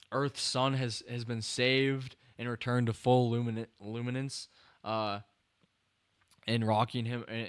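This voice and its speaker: Rambling young man, smooth dry voice. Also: mid-range voice, a bit bright, dry recording. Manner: rambling, self-correcting, many fillers and restarts. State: tired, yawning. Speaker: podcast host. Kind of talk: casual film review chat.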